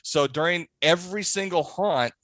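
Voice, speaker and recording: A man in a casual podcast interview, telling a backstage prank story with animated delivery and acting out the other people's voices. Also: a little high, moderate pace, no room sound. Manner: animated, acts out voices in his stories. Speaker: podcast guest, haunt scare actor.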